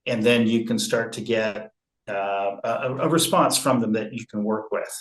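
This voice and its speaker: A man speaking in an interview about conflict resolution, slow and measured, with frequent fillers and restarts. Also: fairly low pitch, roomy sound, low-quality recording. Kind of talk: relaxed interview talk.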